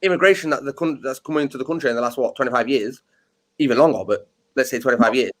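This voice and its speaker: A man's voice: medium pitch, quick pace, fairly bright tone. A man in a casual football chat, hedging his points and restarting sentences as he reasons them out.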